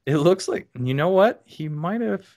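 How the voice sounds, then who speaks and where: A man chatting on a casual podcast, his voice swinging high and low as he tells a story, with many ums along the way. He breaks into squeaky high laughs when something amuses him. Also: normal speed. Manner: animated storyteller, frequent ums, bursts of high-pitched laughter. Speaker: podcast guest.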